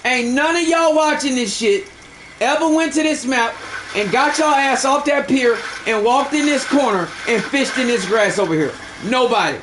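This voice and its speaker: A man's voice: very high voice, moderate pace, background noise. A young man streaming a fishing game, bragging and swearing in loose slang as he talks to his chat. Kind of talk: live gameplay commentary.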